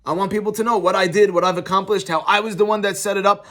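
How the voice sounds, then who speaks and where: A middle-aged rabbi with a fairly high voice gives a casual Torah class, moving easily between the text and his own anecdotes. He talks in an animated, conversational way, like he's chatting with the room. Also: fast.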